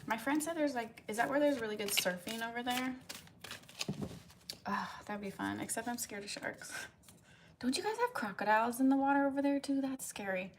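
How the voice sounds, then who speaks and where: A woman gives a casual pick-a-card tarot reading on a live stream, wandering off on tangents and leaning on "like" and "um." Her voice sits at a middle pitch, with a faint hum of ambience behind her. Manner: chatty and rambling, heavy use of "like" and "um"; reads viewers' comments aloud and answers them.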